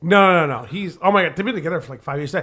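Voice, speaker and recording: A tipsy man hosting a podcast at a house party, loud, joking and teasing the others. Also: a little high, lively intonation, rapid-fire. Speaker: podcast host. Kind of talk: drunk casual chat.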